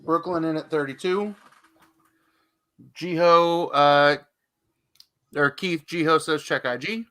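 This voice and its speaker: A man's voice: a little high, slow pace, long pauses, pushed and bright. A man hosting a live comic book auction stream, chatty and joking, who swears casually.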